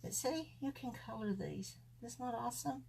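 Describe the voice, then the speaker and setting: A woman's voice: a little high, moderate pace, vocal fry, darkish tone, a little hiss or hum. A woman chatting folksily to viewers as she demonstrates card making live from her craft table. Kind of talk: live-stream craft demo.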